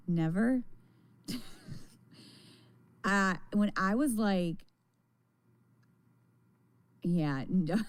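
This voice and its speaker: A tired woman livestreaming, chatting with viewers in a rambling, frank way. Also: on the low side. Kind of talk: casual livestream chat.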